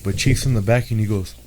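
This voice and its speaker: A man co-hosting a podcast, telling a party story in casual, profane slang. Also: lowish voice. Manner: animated, profane, shouts quoted lines. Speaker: podcast co-host.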